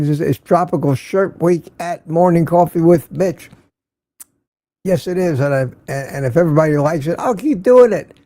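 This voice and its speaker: A man's voice: on the high side, dark tone, no echo. Older man hosting a chatty livestream. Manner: chatty, greets viewers by name. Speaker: livestream host. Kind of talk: casual morning livestream chat reading viewer comments.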